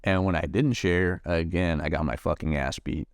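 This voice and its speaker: A man from Nebraska, a Marine veteran, telling his own story in an interview, halting with many fillers and restarts and swearing freely. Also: sits low, steady tone, dry recording, clean studio sound. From Nebraska, USA.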